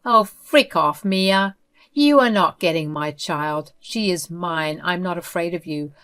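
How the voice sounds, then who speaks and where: A woman's voice: lowish voice, a little slow, fairly bright tone. A woman voicing an unhinged, possessive sister-in-law who speaks in a defiant, dismissive way.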